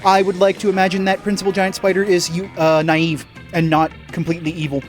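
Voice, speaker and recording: A man's voice: high voice, faint music behind. A man joking and rambling casually as he comments on a game he is playing. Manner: joking, rambling, fast when excited. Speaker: game streamer.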